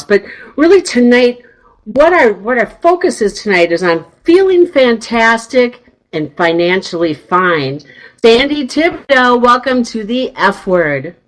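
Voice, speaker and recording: A woman's voice: medium pitch, rough recording. A woman hosting a radio talk show, chatty and bubbly, laughing often as she tells stories. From northern United States. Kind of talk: casual radio chat.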